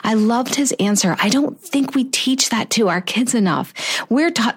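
A woman's voice: a little high, expressive, unhurried, slightly rough. A middle-aged woman telling a personal story in an earnest, heartfelt way, often restarting her sentences. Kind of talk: personal anecdote, reflective storytelling.

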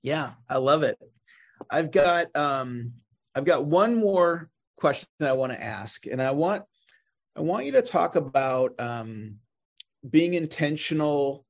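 A man hosting a podcast, asking his guest questions in a relaxed way, pausing with fillers as he searches for words. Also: a little high. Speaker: podcast host. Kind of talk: interview questions.

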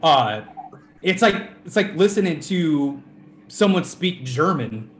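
A man's voice: fairly high pitch, expressive, slow, echoey room, slight background noise. A man with a Minnesota accent, a musician guest chatting casually from home, friendly and laid-back, laughing often. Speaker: band member guest. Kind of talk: casual interview chat.

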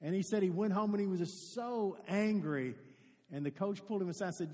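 High-voiced preacher man in a reverberant hall. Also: fast talker, a little mellow. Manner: earnest storytelling preacher who addresses the congregation directly. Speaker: pastor. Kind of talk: sermon. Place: church sanctuary with a congregation.

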